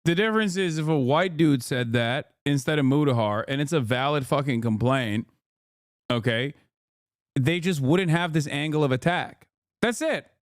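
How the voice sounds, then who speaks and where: A man streaming live, reacting to a video with blunt, profane, casual commentary and emphatic jumps in pitch. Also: expressive, moderate pace, no echo, studio quality.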